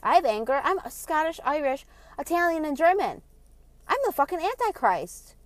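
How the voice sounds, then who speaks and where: A woman delivering a heated, profane vlog rant, blunt and passionate, swinging between loud outbursts and quieter asides. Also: high voice, big pitch swings, normal speed, no echo. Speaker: vlogger. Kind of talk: ranting monologue.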